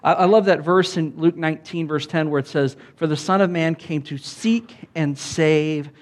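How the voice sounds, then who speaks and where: A pastor with a somewhat high voice delivers a sermon in a relaxed, chatty way. He talks like he is speaking with friends and keeps checking in with his listeners. His delivery swings between easy asides and animated emphasis. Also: normal speed. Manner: conversational, animated preaching with many "like"s and calls of "Amen?".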